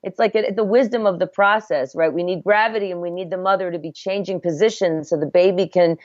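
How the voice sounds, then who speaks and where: A middle-aged woman with a lowish voice speaks as a midwife guest in a podcast interview. She tells her story earnestly and reflectively, often stopping to restart her sentences. The audio is dry and a little dull and lo-fi. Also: a little fast, dry recording. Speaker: midwife, former obstetric nurse.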